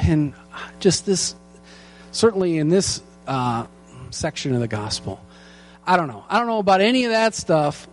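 A man with a fairly high voice preaches in an earnest tone, slowing to lean on the lines that matter. Faint music plays softly underneath him. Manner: earnest, slows down to stress key lines. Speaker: pastor teaching a Bible study. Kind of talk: sermon.

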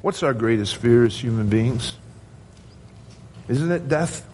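A man's voice: medium pitch, lively intonation, slow pace, a little mellow, slight background noise. A male pastor preaching a sermon to his congregation, earnest and asking rhetorical questions.

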